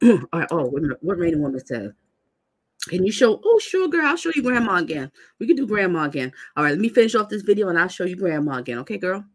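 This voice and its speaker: Husky-voiced woman hosting a live stream. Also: on the low side, very animated, fast, no room sound. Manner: indignant, lecturing, talks straight to viewers. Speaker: host of a live commentary stream. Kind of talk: casual live commentary, reading viewer comments.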